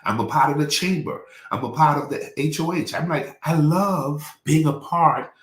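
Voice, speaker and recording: A man's voice: on the high side, normal speed, echoey room. A man giving a live teaching in a folksy, conversational preaching style, calling out to his listeners. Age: 40s. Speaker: pastor.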